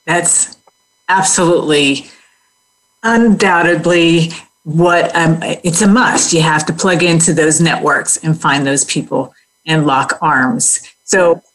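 A woman's voice: low voice, slow pace, poor audio. A woman hosting an interview podcast, talking in an affirming, reflective way. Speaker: podcast host. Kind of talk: conversational interview.

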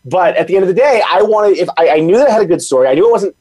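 A man chatting as a podcast guest, telling stories in quick bursts with lots of restarts. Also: high-pitched, slightly rough. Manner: rapid, animated storytelling with frequent restarts. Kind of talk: casual chat.

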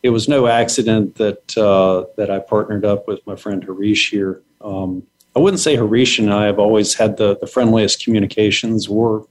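A man's voice: on the low side, a little mellow. A man speaking as a guest on a podcast over a video call, laid-back and rambling with hesitations. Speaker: guest, cloud consultant. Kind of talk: casual interview talk.

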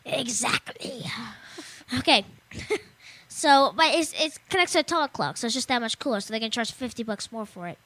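A woman's voice: on the high side, expressive, brisk, a bit bright, no room sound. A young woman co-hosting a casual tech show, rambling and joking and laughing often as she reads out gadget news. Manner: giggly, rambling, jokey, reads then riffs. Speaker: show co-host.

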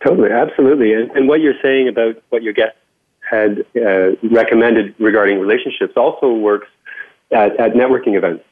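A man's voice: medium pitch, fairly quick, slightly rough. A man guest talking casually and upbeat about play at work, with many restarts. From Canada. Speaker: podcast guest, speaker on workplace play. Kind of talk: casual interview talk. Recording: tinny phone line.

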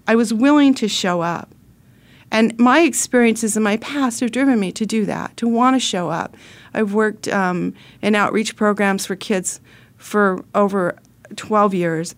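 A middle-aged woman host telling a personal story in an earnest, heartfelt way, often restarting her sentences. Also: medium pitch.

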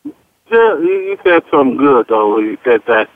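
A man co-hosting a casual sports talk radio show, animated, asking his partner questions and retelling conversations. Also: medium pitch, normal speed, no room sound, faint music behind. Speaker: sports talk show co-host, former player. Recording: dry, tinny phone-like radio sound.

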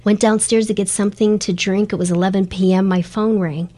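A woman's voice: medium pitch, fairly even intonation, a little fast, dark tone. A middle-aged woman, a guest in an interview, telling her stories earnestly and with animation. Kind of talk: storytelling interview chat.

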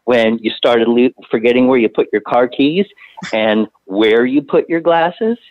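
A man who works as a hospice doctor, calmly explaining things in a conversation. He often repeats words while he gathers his thoughts. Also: mid-range voice, measured pace, dry recording. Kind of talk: casual interview conversation. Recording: tinny phone-line audio.

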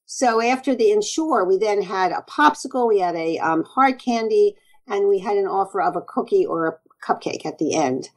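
Animated woman doctor telling stories. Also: medium pitch, moderate pace, hardly any pauses, low-quality recording. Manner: earnest, animated storytelling with quoted asides. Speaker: naturopathic doctor, guest. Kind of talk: conversational interview.

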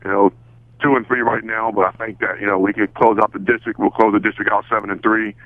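Laid-back fast-talking coach on a dull line. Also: male voice, on the low side, level tone, no echo. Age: 40s. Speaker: high school football coach. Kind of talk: casual radio chat.

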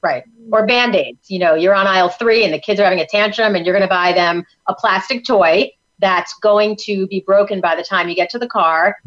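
A woman's voice: medium pitch, a little fast, few pauses, a bit bright, highs cut off. A woman from New York, a parenting coach, talking as an upbeat, salesy guest on a talk show. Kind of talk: enthusiastic talk-show chat. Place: studio in Tampa.

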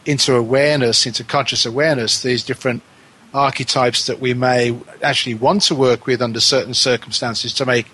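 A man's voice: medium pitch, fairly even intonation, a little fast, sharp tone, slightly rough. A man interviewing a guest, asking questions and reflecting on her answers, rephrasing as he goes.

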